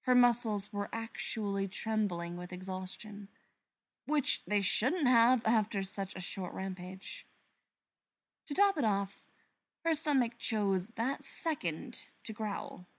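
A woman narrating a story aloud in an expressive storytelling manner. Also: mid-range voice, slow. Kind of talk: reading fan fiction aloud.

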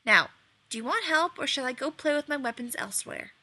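A woman's voice: high-pitched, lively intonation, brisk, pushed and bright, voice pushed up, full character voice. A woman reading the part of an easygoing, teasing man elf in a storybook tale.

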